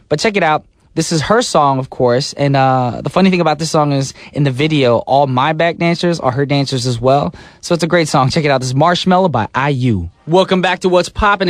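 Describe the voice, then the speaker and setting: A man hosting a pop radio show, full of playful energy and slang. His voice sits a little high. He is recorded in a dry, close studio. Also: no echo. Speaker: radio DJ and host. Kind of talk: radio DJ chat. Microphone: studio microphone.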